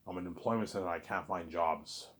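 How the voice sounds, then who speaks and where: A man hosting his own listening series, talking in a rambling, excited way, stumbling over repeated words and often asking "you know what I'm saying". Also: low voice, fast talker. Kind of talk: rambling casual monologue.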